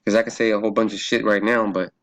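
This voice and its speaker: Low-voiced man in a loose religious vlog. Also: flat delivery, racing. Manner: loose and swearing, laughs often, thinks aloud. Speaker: religious vlogger. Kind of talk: casual religious vlog with Bible study.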